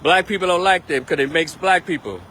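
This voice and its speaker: A man's voice: high voice, fairly quick, pushed and bright, a little hiss or hum. A man giving a blunt, emphatic political monologue on a live stream, repeating his points.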